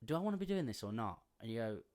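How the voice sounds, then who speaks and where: A man's voice: mid-range voice, sing-song, racing, darkish tone. A man hosting a podcast in casual chat, talking freely with British slang and frequent laughter. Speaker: podcast host.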